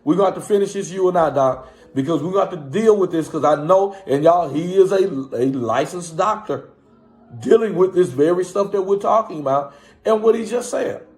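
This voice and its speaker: Fervent high-voiced pastor preaching to viewers. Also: male voice, fairly quick, darkish tone. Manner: preaching cadence, repeatedly calling on listeners. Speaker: pastor and live-stream host. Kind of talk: impassioned live-stream talk to viewers.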